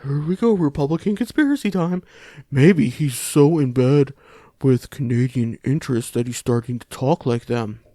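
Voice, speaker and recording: A man's voice: mid-range voice, normal speed, warm tone, no echo, studio quality. A man hosting a podcast, giving casual political commentary in a rambling, sarcastic, profane way. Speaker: podcast host.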